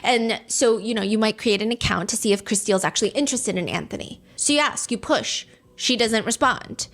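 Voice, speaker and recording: A woman's slightly high voice lays out a true crime case. She explains step by step and walks the listener through possible theories in an even, storytelling manner. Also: a little fast. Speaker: true crime podcast host.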